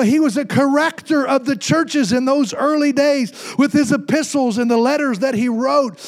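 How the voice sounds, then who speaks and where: A pastor with a very high-pitched, darkish voice preaches a sermon. He reads scripture, throws call-and-response asides to the congregation, and jokes with them now and then.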